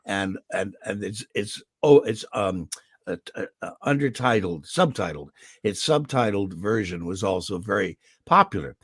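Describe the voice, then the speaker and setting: An older man, a veteran voice actor, telling stories in an interview with lively delivery and a throat he keeps clearing. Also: fairly low pitch, moderate pace, dry recording, clean studio sound. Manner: animated anecdotal delivery with restarts. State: throat irritated, clearing it often. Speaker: voice actor guest. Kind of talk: interview storytelling. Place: home in California.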